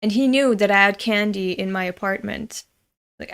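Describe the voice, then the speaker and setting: A woman's voice: mid-range voice, normal speed, vocal fry, a bit bright, clear, resonant tone. A woman from Europe hosting a manga reading, telling a story in a chatty, self-mocking way with frequent laughter. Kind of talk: casual storytelling and manga commentary.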